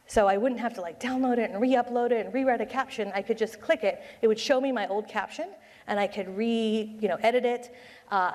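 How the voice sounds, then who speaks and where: A woman's voice: fairly high pitch, a little mellow, long reverb tail. A woman giving a live conference presentation in an upbeat, chatty way, often checking in with the room. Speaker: conference speaker on social media marketing.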